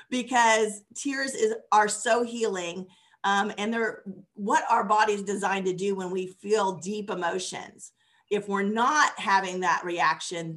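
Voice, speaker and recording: A woman's voice: medium pitch, fairly bright tone. Conversational woman teaching scripture. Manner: conversational, with fillers and laughs. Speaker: bible teacher. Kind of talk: informal sermon teaching.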